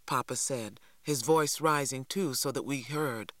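A man narrating an audiobook in an even, measured way, close to the mic. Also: on the high side, no room sound. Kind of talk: scripted narration.

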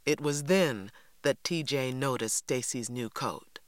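A man reading a first-person story aloud with steady, expressive narration. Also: medium pitch, unhurried, clear, resonant tone, no room sound. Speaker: audiobook narrator.

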